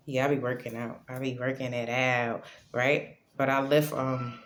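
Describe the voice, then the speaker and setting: A woman's voice: rumbling low, level tone, normal speed, slight background noise. A woman hosting her own vlog, talking candidly and rambling into a phone camera she handles herself at home, with lots of ums and repeats. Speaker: vlogger, channel host. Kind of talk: casual to-camera vlog chat.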